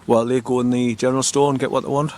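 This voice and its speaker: A medium-pitched, slightly mellow male voice with little pitch movement comes out rapid-fire, over a bit of hiss or hum. It's an older man from the North East of England filming a walking vlog by a small-town river, chatting casually, rambling and correcting himself as he goes.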